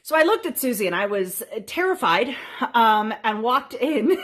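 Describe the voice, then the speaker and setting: An animated woman telling a casual story, often breaking into laughter. Her voice sits fairly high. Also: moderate pace, slight background noise.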